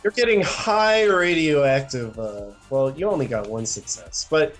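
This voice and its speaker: A man running a tabletop game as game master, narrating in a halting way with many fillers and chuckles. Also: on the high side, expressive, fairly bright tone, soft background music.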